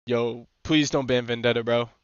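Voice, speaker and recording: A young man streaming a game, chatting casually with teammates, excitable, swearing and laughing often. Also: mid-range voice, normal speed, clear, resonant tone, dry recording. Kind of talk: casual gaming chat with teammates. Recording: slightly muffled dry stream mic.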